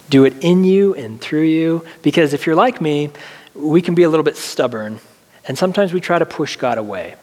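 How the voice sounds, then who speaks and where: A male pastor giving an earnest sermon, slowing down to stress key phrases before leading a prayer. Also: fairly high pitch. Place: church sanctuary. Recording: long reverb of a large hall, faint music.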